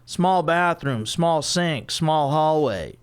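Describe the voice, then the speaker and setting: A man doing a jittery, high-voiced stand-up comic. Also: lively intonation, smooth. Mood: joking. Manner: high, quick, nervous delivery. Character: neurotic young male stand-up comic, jittery.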